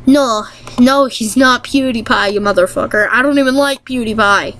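A woman vlogger chatting casually to viewers while playing a game, reading questions aloud quickly, answering them and laughing often. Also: sits high, a bit bright, rough recording.

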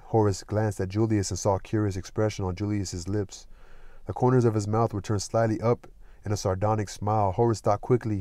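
A man reading a classic novel aloud as an audiobook narrator, in a plain steady way. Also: lowish voice, normal speed, no room sound. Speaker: audiobook reader. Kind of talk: scripted narration with light character voicing.

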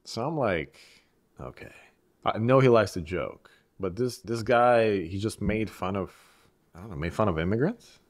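A man from Eastern Europe talking as a podcast guest in casual, reflective conversation, measured and restarting his phrases as he thinks. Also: on the low side, no room sound, studio quality.

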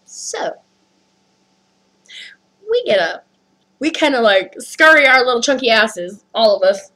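A woman's voice: fairly high pitch, lively intonation, slow pace, sharp tone, poor audio. A woman vlogger ranting through a storytime with heavy swearing, upset and rattled. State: upset, skin crawling. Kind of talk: storytime rant.

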